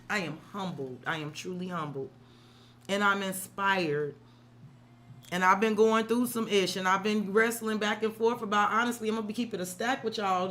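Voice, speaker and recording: A woman's voice: mid-range voice, a bit bright. Woman doing tarot on a livestream, emotional, curses a lot, calls everyone girl and sis. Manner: candid, emotional, swears freely; talks straight to viewers, calls them girl and sis. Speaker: tarot reader. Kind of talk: live-stream tarot reading and chat.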